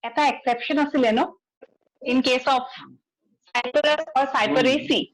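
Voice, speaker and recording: A biology teacher with an Assamese accent lectures her class at a racing pace in a high voice with fairly even intonation. She mixes English and Assamese and frequently asks students to check their answers, over soft background music in a rough recording.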